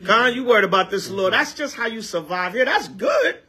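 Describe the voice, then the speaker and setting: High, bright-voiced man preaching. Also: a little fast. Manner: street-casual, animated, repeats for emphasis. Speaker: elder teaching a congregation. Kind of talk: preaching with call-and-response.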